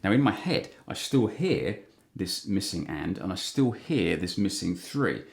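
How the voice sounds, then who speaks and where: Low-voiced guitar teacher. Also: male voice, normal speed, creaky. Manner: relaxed, counts beats aloud while strumming. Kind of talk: instructional guitar lesson. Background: acoustic guitar strumming.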